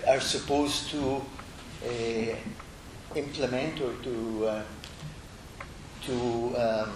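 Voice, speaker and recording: Halting man lecturing in an echoey room. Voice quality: halting, many fillers and tag "no?". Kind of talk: academic lecture. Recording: echoey room with faint rumble.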